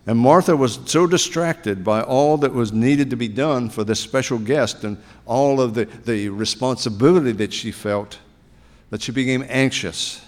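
A male pastor giving a sermon, telling stories in a relaxed, conversational way. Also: mid-range voice, normal speed. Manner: conversational storytelling preaching. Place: church sanctuary. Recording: long reverb of a church hall.

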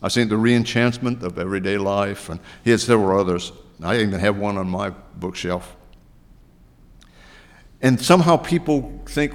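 A male pastor delivering a sermon in an easy, conversational way, tossing out rhetorical questions. His voice sits on the low side, and a long reverb trails behind it as if he is in a large church. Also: moderate pace.

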